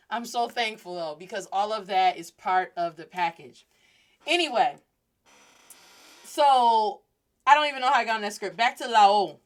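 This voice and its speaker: A woman in her thirties hosting a casual podcast lesson, chatty and lively, switching into Spanish phrases as she teaches. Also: mid-range voice.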